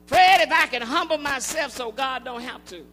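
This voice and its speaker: A man preaching a call-and-response sermon to his congregation, building into shouted, rhythmic cadences. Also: extremely high pitch, normal speed. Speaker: pastor. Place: large church sanctuary. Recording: long hall reverb.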